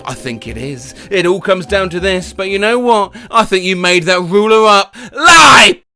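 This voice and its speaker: A man narrating comic stories and quotes, switching quickly between silly voices and sudden shouts. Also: sits high, faint music behind. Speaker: comedy narrator. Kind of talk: comedic narration of funny quotes.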